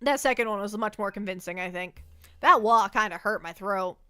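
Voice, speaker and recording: A woman's voice: medium pitch, normal speed, bright, forceful tone, smooth, faint music behind. A woman livestreaming from her desk at home, chatting playfully and rambling as she reads chat messages aloud.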